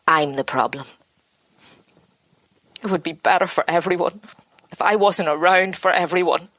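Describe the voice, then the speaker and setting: A woman's voice: on the low side, fairly bright tone, no echo. A worn-down, self-blaming mother. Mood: despairing. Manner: halting, broken, inward monologue. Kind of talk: dramatic monologue.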